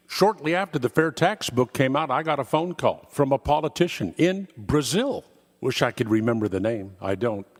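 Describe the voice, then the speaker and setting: A man's voice: medium pitch, expressive, moderate pace, long reverb tail. An older man, a talk radio host, giving an emphatic, sarcastic political monologue and acting out quoted conversations.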